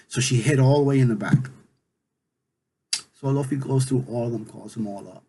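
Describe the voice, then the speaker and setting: A man's voice: medium pitch, moderate pace, warm tone, a little hiss or hum, rough recording. A man casually retelling a legend aloud, in a conversational way with many fillers. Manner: conversational, full of "you know" fillers. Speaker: storyteller. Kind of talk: casual oral storytelling.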